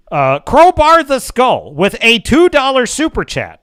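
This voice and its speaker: A man's voice: very high-pitched, wildly swooping pitch, measured pace, hardly any pauses, a bit bright, clean tone, no echo, clean studio sound. A man hosting a livestream, reading chat aloud and ranting sarcastically with frequent swearing. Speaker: livestream host. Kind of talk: casual chat reading live chat.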